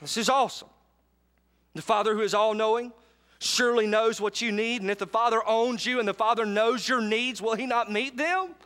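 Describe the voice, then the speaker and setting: A man's voice: high voice, moderate pace, fairly bright tone. A man preaching a sermon to a live congregation, emphatic and often calling for responses. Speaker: pastor. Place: church sanctuary with live congregation.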